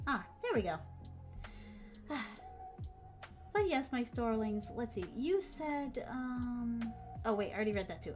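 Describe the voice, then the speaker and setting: A woman's voice: a little high, normal speed, soft background music. A woman streamer in a bubbly, gushing casual chat who reads out viewer messages and adds Japanese honorifics to names. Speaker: VTuber streamer.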